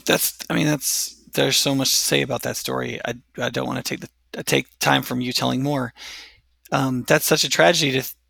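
A man's voice: mid-range voice, fairly even intonation, normal speed, vocal fry, sharp tone, no echo. A man hosting an interview, speaking in a hesitant, reflective way with restarted phrases. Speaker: interview host. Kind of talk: casual interview talk.

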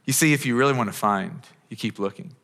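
A pastor in his thirties has a creaky, slightly bright, mid-range voice and a quick pace. He delivers an earnest, conversational sermon full of restarted sentences in a church auditorium with long hall reverb.

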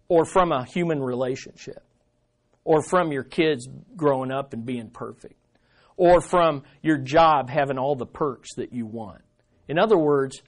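A man preaching a sermon to his congregation, moving from loud emphasis to quiet, earnest asides and asking the listeners rhetorical questions. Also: medium pitch. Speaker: pastor.

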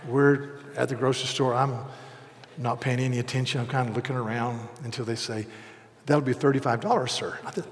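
A man in his sixties preaching a sermon, telling a self-deprecating story, dropping to hushed asides and rising to loud, emphatic peaks. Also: medium pitch, normal speed. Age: 60s. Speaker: pastor. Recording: long hall reverb.

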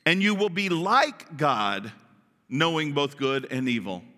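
A man's voice: on the high side, very animated, unhurried, bright, forceful tone, big-room sound, voice pushed down, exaggerated voice. A man reading the lines of a sly, tempting serpent in sermon style.

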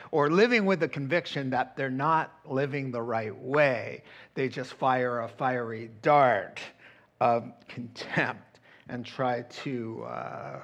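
A middle-aged man preaching a sermon as pastor, animated and acting out quoted voices. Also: medium pitch.

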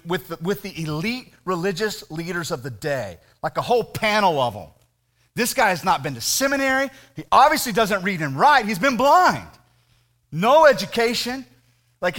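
Animated, high-voiced male preacher. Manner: animated, conversational, rhetorical questions. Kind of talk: expository sermon.

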